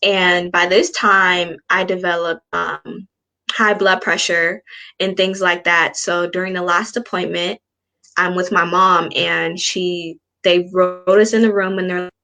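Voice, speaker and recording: Woman, twenties, low-pitched guest, candid and earnest storyteller. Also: flat delivery, unhurried, vocal fry, bright, forceful tone. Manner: earnest, frank, acts out past dialogue. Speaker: spiritual coach guest. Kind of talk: personal storytelling in an interview.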